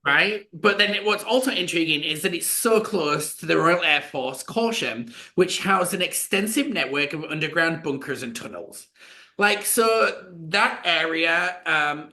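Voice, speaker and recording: A man co-hosting a podcast, telling a story in a chatty, animated way with lots of fillers. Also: fairly high pitch. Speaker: podcast co-host. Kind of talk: casual storytelling chat.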